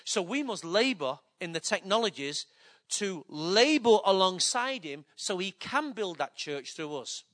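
An older man preaching a sermon, emphatic, swinging between loud declarations and hushed, low passages. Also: big pitch swings, a little slow.

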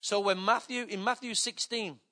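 An older man preaching a sermon, emphatic, swinging between loud declarations and hushed, low passages. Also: fairly even intonation, normal speed.

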